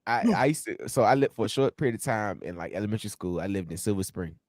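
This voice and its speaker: A young man on a livestream as a guest, telling animated stories and laughing through them. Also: fairly low pitch, fast, dry recording, clean studio sound. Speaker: guest co-host. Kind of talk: casual sports talk chat.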